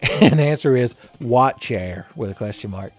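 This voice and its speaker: A man's voice: medium pitch, expressive, normal speed. A man giving casual, rambling gameplay commentary as a let's play host, joking and laughing often.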